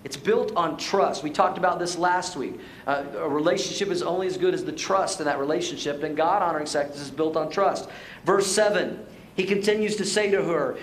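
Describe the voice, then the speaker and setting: A man's voice: on the high side, normal speed, fairly bright tone, reverberant, a little hiss or hum, low-quality recording. A man preaching a sermon as pastor to his church, playful and joking, then pressing his points with emphasis. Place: church sanctuary.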